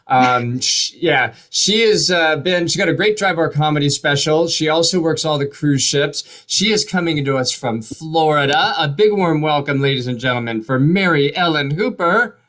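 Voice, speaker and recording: A man's voice: a little high, normal speed, few pauses. A man hosting an online comedy show over a video call, introducing comedians with easygoing banter and fillers. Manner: relaxed, friendly banter with fillers. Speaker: show host.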